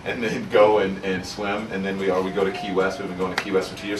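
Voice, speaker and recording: Earnest low-voiced man from Louisiana. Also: level tone, fast talker, over music. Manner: earnest, reflective storytelling. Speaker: author speaking at a book signing. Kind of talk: candid personal talk to an audience. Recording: roomy sound from far off, faint ambience.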